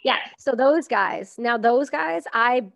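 A woman's voice: on the high side, animated, slow pace, gravelly, fairly bright tone, no echo. A woman hosting a podcast, talking in an effusive, encouraging and frank way. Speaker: podcast host. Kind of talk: casual podcast chat.

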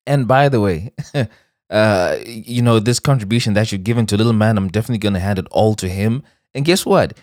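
Lower-voiced man hosting a podcast. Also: darkish tone, dry recording, studio quality. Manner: enthusiastic, thanking supporters. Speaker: podcast host. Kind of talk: casual podcast host read.

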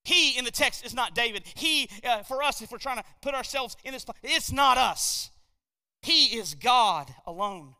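Male pastor preaching, high bright voice, goes soft then loud and punchy, echoey church. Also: lively intonation, normal speed, clean tone. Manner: preaching with swells from quiet to shouted emphasis. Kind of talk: sermon. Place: church sanctuary at a podium.

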